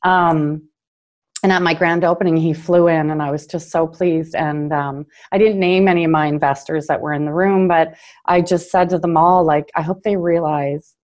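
A woman's voice: low-pitched, darkish tone. A middle-aged woman from Canada telling her story as an interview guest, earnest and filler-heavy, at times getting choked up. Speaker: guest, car dealership owner.

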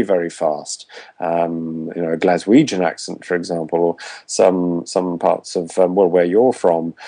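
A man who coaches voices and once worked as a voiceover artist, giving measured, articulate answers in an interview. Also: on the low side, mellow.

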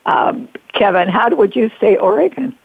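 A woman's voice: fairly high pitch, lively intonation, normal speed, vocal fry, breathy edge, no echo. A woman hosting a radio talk show, chatting loosely with hesitant fillers and laughs. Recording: dull lo-fi radio sound.

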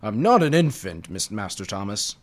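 A man reading aloud, voicing a proud, touchy old male tiger guardian in a gruff, indignant way. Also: lowish voice, very animated, normal speed, voice pushed down. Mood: grumpy.

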